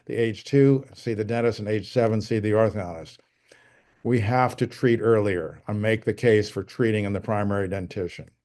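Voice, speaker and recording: A man's voice: mid-range voice, mellow. An older man giving a conversational lecture to dentists, reading quotes off his slides with frequent restarts. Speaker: guest speaker presenting to dentists.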